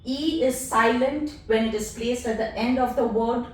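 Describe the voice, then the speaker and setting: A woman language teacher patiently explaining letters and sounds in a slow, deliberate lesson. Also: a little high, darkish tone, distant mic, soft background music. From India. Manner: patient, spells out letters one at a time. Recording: echoey room, voice off-mic.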